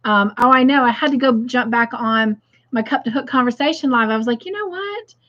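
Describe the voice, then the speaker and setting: A woman's voice: fairly high pitch, steady tone, fairly quick, fairly bright tone, muffled recording. A woman hosting a casual craft livestream, chatting and greeting viewers by name as she reads their comments aloud.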